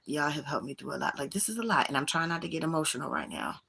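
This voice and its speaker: A woman's voice: rumbling low, a little fast, gravelly, few pauses, sharp tone, slightly rough. A woman hosting her own livestream, speaking, candidly venting and talking straight to her chat from a small room at home. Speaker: livestream host.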